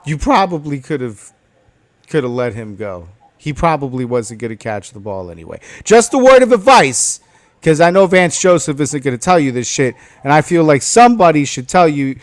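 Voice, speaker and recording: A man hosting a sports podcast, loud and profane, ranting in casual chat. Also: medium pitch.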